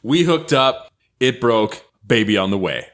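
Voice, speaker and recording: A man hosting a podcast, reading online ads aloud in a deadpan, mock-dramatic way and swearing freely. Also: medium pitch, measured pace. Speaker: podcast host.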